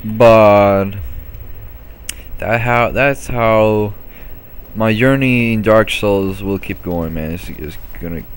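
A man's voice: lowish voice, slow, pauses often, clean tone. A man giving casual let's-play commentary on his own gameplay, laughing often and swearing freely. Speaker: gameplay video host.

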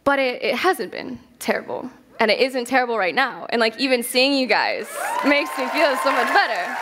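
A woman's voice: fairly high pitch, lively intonation, normal speed, a bit bright, some chatter behind, slight background noise. A young woman giving a casual, candid stage talk at a festival, telling stories with lots of swearing and laughter. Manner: candid, profane, laughs often. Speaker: festival speaker.

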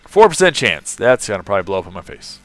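A man's voice: fairly low pitch, big pitch swings, quick pace, a bit bright, no echo, faint music behind. A man from California live-streaming a game, chatting casually, laughing often and greeting viewers in the chat.

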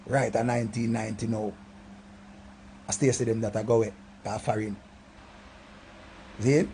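Middle-aged Jamaican man, gravelly voice, rambling comic storyteller, drops low then erupts loud. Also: fairly even intonation, normal speed, a little hiss or hum. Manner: swings from low mutters to loud outbursts. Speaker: comedic storyteller.

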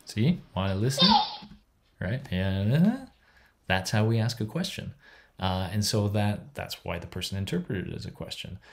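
A man's voice: on the low side, big pitch swings, moderate pace, gravelly, slight background noise. A man giving a university psychology lecture in a chatty, enthusiastic way, with many fillers and restarts.

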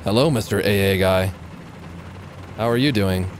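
Low-voiced guy streaming a game live, sarcastic and jokey, bit of noise behind. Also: moderate pace. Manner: joking, sarcastic, laughs often. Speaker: gaming livestreamer. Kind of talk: casual live gameplay commentary.

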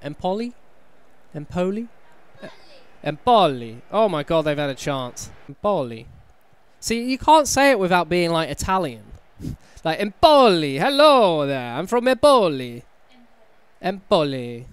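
A young man giving casual let's-play commentary on his own game, chatty and bursting into excited shouts at the players. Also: fairly high pitch, clean tone. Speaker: gaming channel host.

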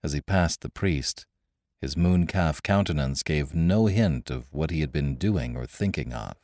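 A man giving an expressive scripted audiobook narration of a classic story. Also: rumbling low, measured pace, no echo, clean studio sound.

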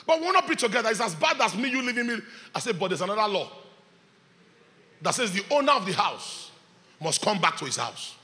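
A man, preaching a sermon as pastor, swinging between shouts and hushed lines. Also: high voice, sing-song, a little fast, big-room sound. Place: church hall.

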